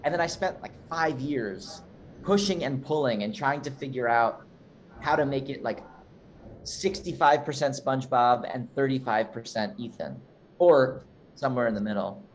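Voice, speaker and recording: A man's voice: medium pitch, normal speed, slight background noise. Chatty, rambling young man. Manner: rambling, chatty, lots of fillers. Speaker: guest actor. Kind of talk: casual chat.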